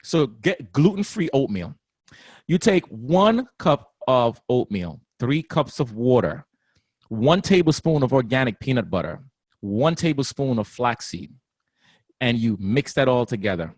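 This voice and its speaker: A man talking casually as a guest trainer, animated and often laughing, acting out other people's voices. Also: medium pitch, a little slow, husky, dry recording. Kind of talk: casual interview talk.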